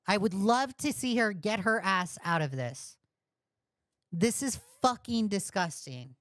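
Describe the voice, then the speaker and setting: A woman giving reaction commentary in an unhurried, drawn-out way. She swears a lot, mocks what she hears and breaks into excited yelling. Her voice sits close and dry, with no room sound. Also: on the low side, dry recording. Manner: profane, mocking, excitable outbursts. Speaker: commentary streamer.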